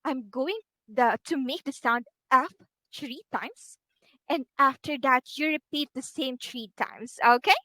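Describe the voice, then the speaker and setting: A woman teacher with a Filipino English accent, giving a slow, encouraging online phonics lesson to a child and modelling each sound for her. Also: high voice, bright, forceful tone, no echo, low-quality recording.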